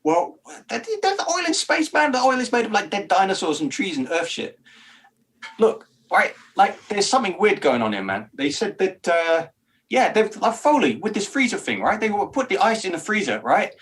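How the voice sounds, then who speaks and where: Male player with an animated, slightly high voice; plays a twitchy, conspiratorial spacer in tabletop role-play. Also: normal speed. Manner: jittery, conspiratorial, rambling and paranoid in character.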